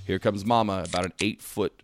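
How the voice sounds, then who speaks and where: A man co-hosting a casual sports podcast, telling animated stories and acting out voices. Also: deep voice, a little fast, soft background music. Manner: animated storyteller, acts out voices in anecdotes. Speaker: podcast co-host. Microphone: podcast microphone.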